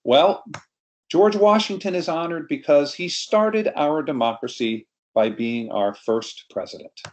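A man's voice: fairly high pitch, animated, a little slow. A middle-aged man from New York, a storyteller, giving an anecdotal presentation on a video call.

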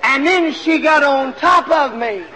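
A man's voice: very high voice, measured pace, in a large hall, a crowd in the background, background noise. A man preaching a sermon, telling a story with lots of animation and then urging his listeners on, in a 1970s LP recording made in a church auditorium with a pulpit mic.

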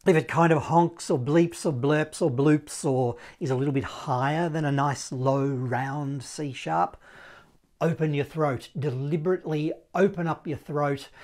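An upbeat man teaching a casual saxophone lesson, playful and singing out the notes. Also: a little high. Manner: upbeat, playful, sings note sounds.

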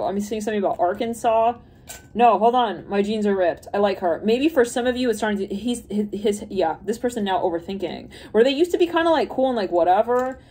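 A woman's voice: mid-range voice, warm tone. A woman giving a casual, rambling intuitive card reading, thinking aloud and laughing often. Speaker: tarot reader.

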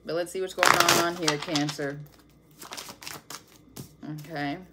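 A woman's voice: sits low, steady tone, slow pace, heavy background noise. Brief: woman tarot reader, casual, blunt and profane delivery. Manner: blunt, profane, laughing often. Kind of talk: casual tarot reading to camera.

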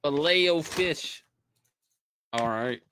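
A man's voice: fairly high pitch, slow, sharp tone, a little hiss or hum. A man hosting, in casual chat, giving wry joking commentary on food. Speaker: host.

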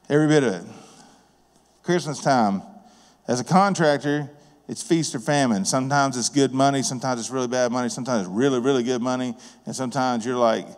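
A man preaches in a folksy, plain-spoken way, his voice sitting at an ordinary middle pitch. He talks to the room like he's chatting with neighbors. Long reverb from the church hall trails behind every phrase. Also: a little mellow. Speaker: guest preacher and business owner. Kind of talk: sermon with personal storytelling. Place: church sanctuary.

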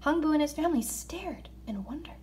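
A woman reading a children's story aloud in an expressive voice, slowing down for emphasis. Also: high-pitched, a little hiss or hum. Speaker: narrator.

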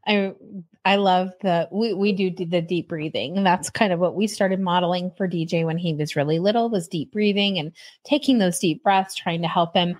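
A woman's voice: on the low side, normal speed. A woman podcast host chatting with a guest, with hesitant restarts and frequent laughter. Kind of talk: casual interview chat.

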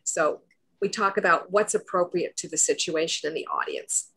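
A woman speaking as a presentation coach, a guest on a video-call talk show, explaining in a confident, animated way. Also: lowish voice, normal speed, gravelly, slightly rough.

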